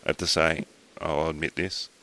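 Very deep-voiced Australian man telling a story. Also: flat delivery, bright, forceful tone. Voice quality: rambling, talks in halting restarts, swears casually. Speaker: podcast host. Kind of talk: casual chat, storytelling.

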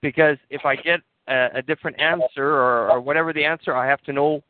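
A man on a call, hesitant, stumbling and restarting as he speaks. His voice sits slightly high. The sound is thin and phone-like, a little distant, with faint noise. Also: steady tone, brisk. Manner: hesitant, stumbling over words. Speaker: caller asking for advice. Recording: tinny phone line from a distance.

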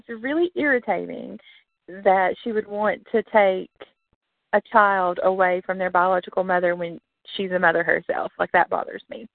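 A woman's voice: medium pitch, vocal fry, no room sound. A woman co-hosting a casual radio chat show, talking animatedly and laughing as she acts out her reactions. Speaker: podcast co-host. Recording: dry, phone-like line.

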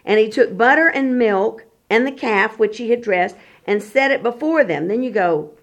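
A woman's voice: a little high, moderate pace. A woman leading a Bible study, reading scripture aloud and then explaining it in casual talk, acting out the quoted speakers. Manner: acts out the quoted speakers in lively voices.

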